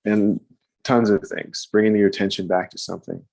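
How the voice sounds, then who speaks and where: A man leading a live guided breathwork session in a slow, gentle way, pausing often. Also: on the low side, level tone, gravelly, dry recording, low-quality recording. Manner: slow, gentle, with long pauses. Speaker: meditation guide. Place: room at home with a fan.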